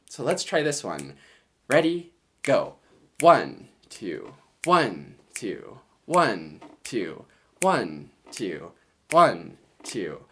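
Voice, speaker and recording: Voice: medium pitch, fairly bright tone. A music teacher giving a children's lesson, counting beats aloud and cheering the listener on.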